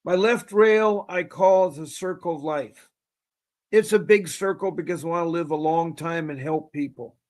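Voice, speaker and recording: A man with a notably high-pitched voice hosts a call-in show. His talk is loose and folksy, and he drifts between points and repeats himself. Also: moderate pace, a little mellow. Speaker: show host.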